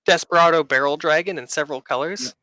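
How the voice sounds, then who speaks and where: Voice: mid-range voice, fast talker, bright, forceful tone, no room sound. A podcast co-host chatting casually and reading out trivia. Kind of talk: casual chat.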